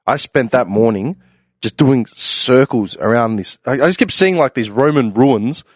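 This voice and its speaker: A young Australian man telling a casual story on a podcast, laughing often and loudly acting out the voices of people he quotes. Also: medium pitch, expressive, moderate pace, no room sound, clean studio sound. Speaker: podcast panelist.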